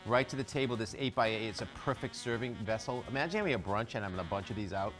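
A man appearing as a guest chef on a live TV shopping demo, pitching cookware with chatty enthusiasm. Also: fast talker, over music, low-quality recording.

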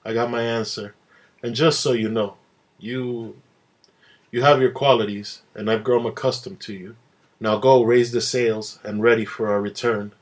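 A man's voice: medium pitch, fairly even intonation, moderate pace, close to an everyday voice. A man voicing a stern male pirate captain who is blunt and commanding. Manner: blunt, questioning.

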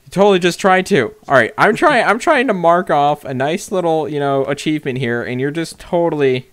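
A man hosting a casual game let's-play, excitable and goofy, jumping into squeaky joke voices. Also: brisk, no echo. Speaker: gaming channel host.

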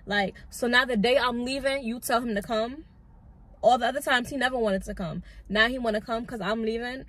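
A young adult woman and lash artist telling a storytime with a calm, chatty delivery full of "like". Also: a little high, fairly quick. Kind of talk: casual storytime.

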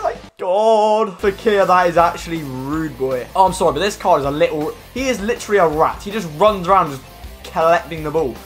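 A young Englishman talks through his game in a loose, slangy way, and he often breaks into sudden shouts of excitement. His voice sits a little high for a man. Soft music plays faintly underneath. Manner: excitable, slangy, bursts into loud outbursts. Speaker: gaming YouTuber. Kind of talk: casual gameplay commentary.

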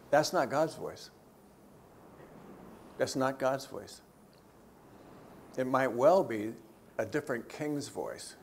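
A man's voice: slow, long pauses, slight background noise. Man giving a conversational church teaching. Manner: conversational, swings between lifted emphasis and quiet, low asides. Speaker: theologian teaching a church session. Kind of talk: teaching talk to a church group. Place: church gathering.

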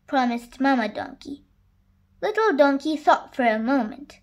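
A woman gently reading a children's picture book aloud as the channel's storybook reader. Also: high-pitched. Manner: slow, gentle read-aloud.

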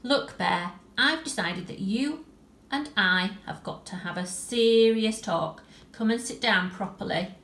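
A woman voicing a cross, bossy little girl who scolds her bear loudly. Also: mid-range voice, measured pace, roomy sound. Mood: stern.

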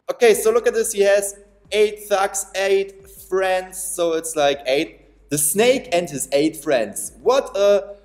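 A man giving playful, excitable commentary over a game, taunting his opponents and laughing often. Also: sits high. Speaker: gaming commentator. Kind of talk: excitable let's-play commentary.

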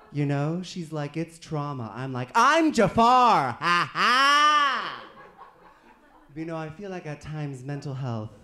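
A man doing a live stand-up comedy set, self-mocking and jokey, sometimes breaking into loud sung bits. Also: a little high, echoey room. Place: live venue with audience.

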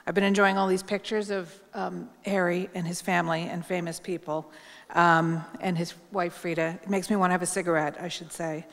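A woman's voice: lowish voice, little pitch movement, a little fast. A middle-aged woman journalist giving a candid, wry tribute speech at a memorial, talking casually with plenty of ums. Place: large hall at a public event. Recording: long hall reverb.

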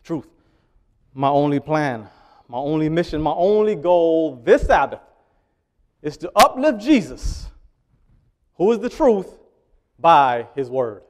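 A man delivers a sermon with a voice pitched slightly higher than most men's. He talks with the congregation rather than at it, asking questions and waiting for answers. He pushes some words out loud and drops others into quiet asides. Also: very animated, slow pace, long pauses. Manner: conversational, asks the congregation questions; swings between loud emphasis and quiet asides. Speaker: preacher.

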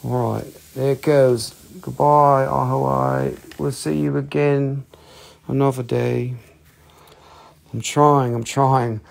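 A man's voice: mid-range voice, fairly even intonation, slow, gravelly. A man from North Carolina hosting a live stream selling rocks and minerals, rambling and joking at his own expense. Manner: joking, rambling, self-mocking. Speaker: livestream rock and mineral seller. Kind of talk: casual live-sale chat.

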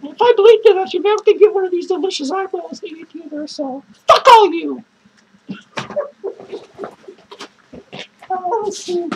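A lonely, bitter clown woman, voiced by a man in falsetto, rambles through a homemade comedic review skit. Her voice is piercingly high and shrill, and she swears constantly and self-pityingly. A clear hiss of background noise runs under the home recording. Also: fairly quick, darkish tone, low-quality recording. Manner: rambling, swearing, cackling between lines. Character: lonely bitter foul-mouthed female clown.

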